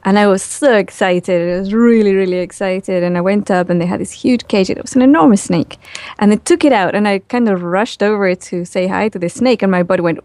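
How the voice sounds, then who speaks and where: A woman's voice: medium pitch, brisk, dry recording. Chatty woman with a dry close sound. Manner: relaxed, chatty, laughs easily, many fillers. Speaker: interview guest. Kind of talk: casual spoken interview.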